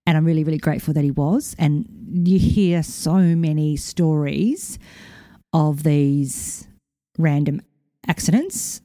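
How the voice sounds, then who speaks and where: A middle-aged woman hosting a podcast, telling a personal story in a chatty, animated way and acting out quotes, while recovering from a concussion. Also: low voice, measured pace, no echo, clean studio sound. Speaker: podcast host. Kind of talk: casual storytelling monologue.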